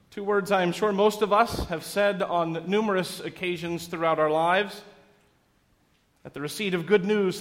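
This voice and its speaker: A pastor delivers his sermon in a relaxed, wry storytelling manner, his voice sitting a little high for a man. It carries the long, lingering reverb of a church sanctuary. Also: normal speed.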